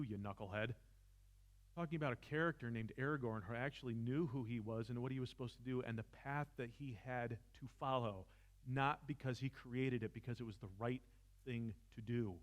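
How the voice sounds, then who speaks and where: A brisk, medium-pitched male lecturer teaches philosophy at a seminar in a church room. He speaks with passion, sometimes close to shouting, and makes jokes about himself.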